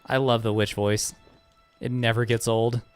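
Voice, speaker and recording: A man's voice: mid-range voice, flat delivery, unhurried, clear, resonant tone, no echo, faint music behind. Sarcastic man streaming a speedrun. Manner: sarcastic, joking, swears freely. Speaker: game streamer. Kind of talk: casual live-stream chat while speedrunning.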